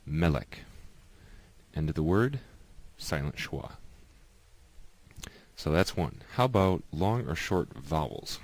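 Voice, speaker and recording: A man with an exceptionally deep, low voice walks through a lesson. He talks patiently and explains step by step, repeating each example so it sinks in. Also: a little mellow, no echo. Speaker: teacher.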